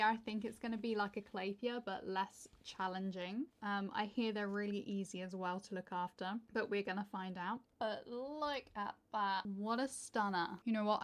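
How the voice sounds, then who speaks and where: British lady vlogging about her houseplants, chatty and gushy, a bit tired. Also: medium pitch. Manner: chatty and gushing over plants. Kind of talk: casual vlog chat.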